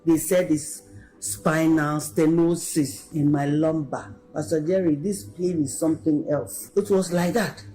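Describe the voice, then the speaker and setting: A woman giving an emotional recorded testimony, excitedly calling the pastor by name again and again. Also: low-pitched, unhurried, soft background music, poor audio. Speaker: testimony giver.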